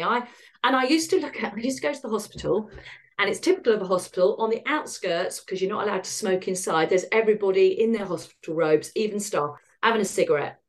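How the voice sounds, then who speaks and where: A middle-aged woman speaks as a guest on a podcast. Her delivery is candid and wry, animated as she tells her story, slipping into the voices of people she quotes. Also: medium pitch, fast.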